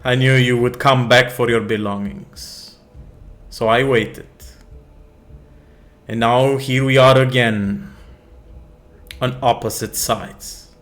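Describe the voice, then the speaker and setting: A man voicing a calm, scheming male Grand Vizier who speaks in a measured, quietly menacing way in a tabletop game. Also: medium pitch. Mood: smug.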